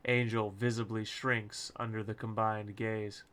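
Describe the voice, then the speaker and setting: A man's voice: medium pitch, a little slow, sharp tone, slight background noise. A man reading his own novel aloud on a live stream, casual and crude with joking asides.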